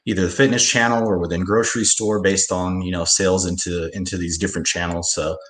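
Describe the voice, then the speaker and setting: Deep-voiced guy on a video call, laid back, lots of uh and you know, roomy echo. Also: quick pace. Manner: relaxed, many fillers. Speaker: guest, business owner. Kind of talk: casual interview chat. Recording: echoey room.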